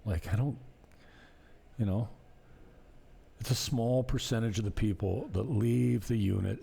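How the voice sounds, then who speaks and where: A man's voice: fairly low pitch, gravelly, warm tone, a little hiss or hum. A man vlogging casually to camera, rambling through stories about renting out his property and laughing now and then. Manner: rambling, conversational, laughs while telling stories.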